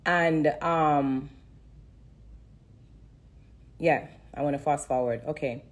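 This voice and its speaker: A woman's voice: deep voice, measured pace. A woman with a Jamaican accent giving an emotional testimony on a phone live stream, earnest and repeating herself for emphasis while fighting back tears.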